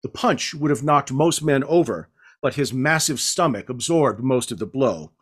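A male author reading his novel aloud as measured, hard-edged first-person narration. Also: medium pitch, expressive, husky.

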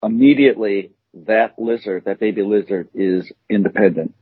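A podcast co-host with a husky, lowish voice trades casual banter at normal speed, rambling and hesitant with many fillers. The dry recording sounds tinny, like a phone.

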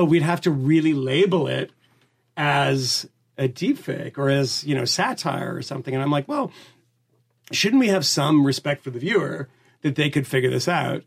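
A man co-hosting a podcast in casual chat, joking and laughing as he talks. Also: a little high. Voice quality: gravelly, husky. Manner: joking, laughs while talking. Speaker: podcast co-host.

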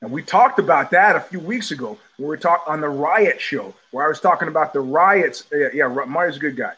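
A middle-aged man hosting his own live show from home, talking in loose digressions with frequent restarts, blunt profanity and quick laughs. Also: fairly high pitch, bright, forceful tone, low-quality recording. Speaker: podcast host. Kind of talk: rambling live-stream monologue.

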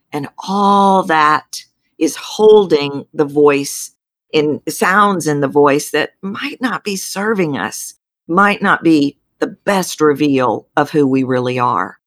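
Low-voiced Texan woman voice coach. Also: slow pace, no room sound, studio quality. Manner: emphatic, animated explainer. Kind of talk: interview storytelling.

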